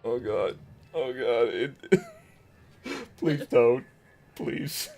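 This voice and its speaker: A man's voice: medium pitch, sing-song, extremely slow, darkish tone, faint music behind. A man chatting casually as a guest on a stream, playful and teasing. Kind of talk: casual chat.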